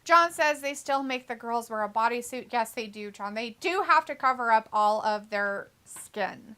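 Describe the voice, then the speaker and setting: A woman with a fairly high, bright and forceful voice co-hosts a live stream in relaxed chat. She reads viewer messages aloud and answers them in a chatty way. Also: moderate pace, clear, resonant tone. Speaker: co-host of a wrestling watch-along stream.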